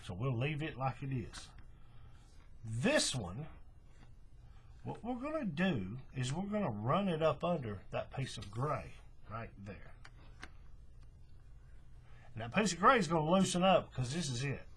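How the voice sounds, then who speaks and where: A man's voice: medium pitch, very animated, measured pace, pauses often, fairly bright tone, slight background noise. A man giving a casual, chatty craft demonstration, often checking in with "right?" and correcting himself as he goes. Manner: chatty, repeats "right?" and "okay", restarts and self-corrections. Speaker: paracord bracelet instructor.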